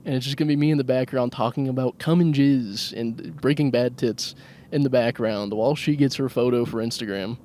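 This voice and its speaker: Warm in tone and brisk in pace, the medium-pitched host laughs often through his crude, self-mocking solo comedy podcast. He's driving in his car, speaking into a handheld microphone.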